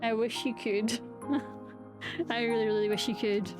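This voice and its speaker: A woman's voice: fairly high pitch, level tone, measured pace. A young woman chatting casually with her viewers, bubbly and giggly. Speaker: streamer. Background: background music.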